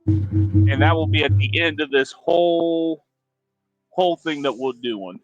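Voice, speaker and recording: A man hosts a charity game stream at an unhurried pace and pokes fun at himself. His voice is dry and close, with faint music playing underneath. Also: fairly high pitch, dry recording, muffled recording. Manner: slow, self-deprecating, flustered. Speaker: stream host. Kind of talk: casual livestream chat.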